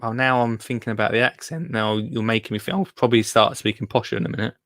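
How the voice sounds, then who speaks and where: Talking at a quick pace in a medium, slightly bright voice, a young Essex man hosts a gardening phone-in stream, reading comments live from home. He's chatty and self-deprecating, rambling with many fillers, in a dry studio-quality recording.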